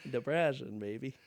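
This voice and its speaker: A young man co-hosting a podcast, telling a crude story casually with lots of laughing. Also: mid-range voice. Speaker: podcast co-host. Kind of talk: casual chat.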